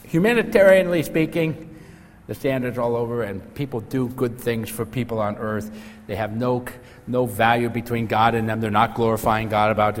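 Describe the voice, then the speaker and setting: A male pastor preaching an earnest sermon and telling stories. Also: lowish voice. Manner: earnest preaching, storytelling with acted quotes. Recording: echoey hall, faint noise.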